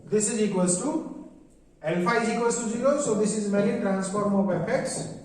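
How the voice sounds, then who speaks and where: A high-pitched man lectures in a large classroom, reading out formulas slowly and repeating himself as he works through each step. His voice sits far from the mic and rings with heavy echo. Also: a little hiss or hum. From India. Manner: slow step-by-step dictation of formulas, repeating phrases. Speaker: mathematics lecturer. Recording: very echoey room, voice far from the mic.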